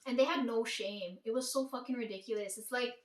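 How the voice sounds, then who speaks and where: A woman's voice: a little high, fairly quick, recorded from a distance. A woman telling a family story to her viewers in a blunt, profane, emphatic way, often asking "right?". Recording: echoey room.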